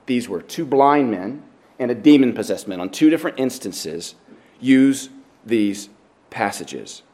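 A pastor preaching a sermon, working through scripture passage by passage and growing more animated as he tells a story, sometimes restarting his sentences. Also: medium pitch, unhurried. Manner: expository, animated when telling stories.

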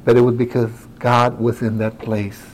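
A man preaching a sermon who talks directly to his congregation, moving from quiet asides to rising, emphatic exclamations. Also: mid-range voice, level tone, normal speed, slight background noise, poor audio.

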